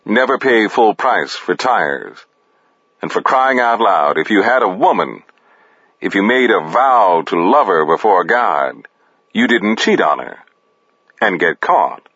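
A man narrating a crime story in a dry, unhurried manner. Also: on the low side, lively intonation, fairly bright tone, husky, no echo. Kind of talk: audiobook narration. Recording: dull, dry close recording.

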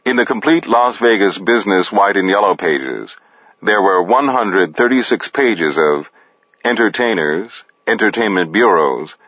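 A man narrating a crime story in a dry, unhurried manner. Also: on the low side, lively intonation, fairly bright tone, no echo. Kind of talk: audiobook narration. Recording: dull, dry close recording.

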